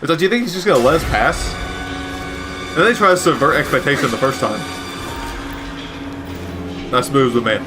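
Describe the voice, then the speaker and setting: A man's voice: mid-range voice, lively intonation, brisk, long pauses, music in the background. A man giving casual, rambling gameplay commentary with wry asides and frequent self-corrections. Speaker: gaming commentator.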